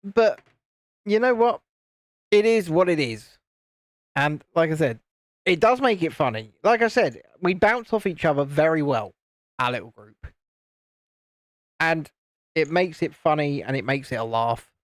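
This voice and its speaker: Animated yet a little slow, pausing often, a UK man is heard on a dry recording. He's casually chatting on a live stream while building LEGO, teasing his friends by imitating them in higher voices and reading out comments from viewers.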